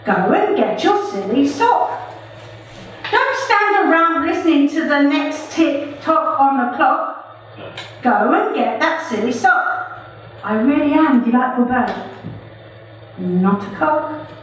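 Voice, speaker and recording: High-voiced woman reciting her poems. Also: animated, a little slow, long pauses. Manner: playful, chatty between poems, laughs at own jokes. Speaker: poet performing her own poems. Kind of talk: live spoken-word poetry reading. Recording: echoey room from far off.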